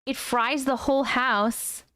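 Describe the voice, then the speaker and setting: A woman's voice: high-pitched, fairly even intonation, takes it slowly, a bit bright, dry recording, clean studio sound. A woman hosting a casual livestream at home, reading viewer comments aloud, easily spooked and laughing often. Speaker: host reading viewer stories. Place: home room.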